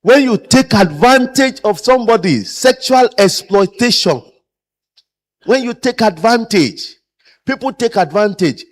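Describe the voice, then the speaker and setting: A man's voice: high voice, measured pace. A man lecturing caregivers as a trainer and acting out the people he quotes. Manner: animated, acts out quoted people.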